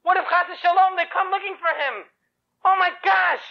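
A man voicing a frantic, panicking mother who wails and shrieks in a shrill voice, on a dull lo-fi recording. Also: fairly even intonation, moderate pace, gravelly, exaggerated voice. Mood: hysterical. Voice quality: shrill, wailing.

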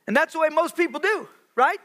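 High, bright-voiced preaching pastor. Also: male voice, lively intonation. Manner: preaching with dramatic pauses, acting out Bible voices. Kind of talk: sermon. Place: church sanctuary.

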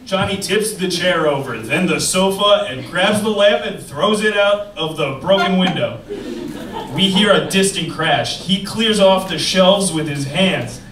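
A man's voice: sits high, measured pace. A man reading stage directions aloud at a live script reading, in a dry, matter-of-fact way. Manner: dry, matter-of-fact reading, now and then breaking into laughter. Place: live stage in an event venue. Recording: echoey room, distant mic, loud background noise.

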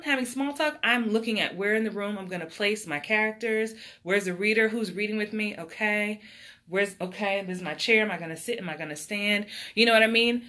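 A middle-aged acting coach talks casually and warmly on a livestream, reading out viewer comments and laughing often. Her voice is bright and forceful, set at an ordinary middle pitch. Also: fairly quick. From New York.

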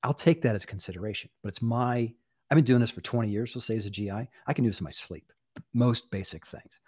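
A man's voice: medium pitch, fast, breathy edge, dry recording, muffled recording. An older man speaking as an interview guest, telling stories animatedly and acting out the voices of people he quotes. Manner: animated storyteller, acting out dialogue. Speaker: guest, applied AI director. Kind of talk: interview conversation.

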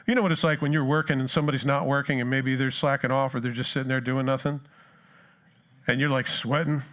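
A man's voice: medium pitch, level tone, fast talker, a bit bright. A man from New Jersey with a New Jersey accent, preaching a sermon in a conversational, self-deprecating way and acting out the disciples' cries. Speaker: pastor.

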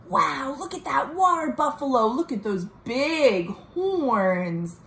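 A woman reads a picture book to small children in a gentle, sing-song way, stopping to ask them questions. She speaks slowly, with a voice a little higher than most. The room around her echoes, with a faint hum of noise behind. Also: animated. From United States. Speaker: children's librarian. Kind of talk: storytime read-aloud for children. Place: at home.

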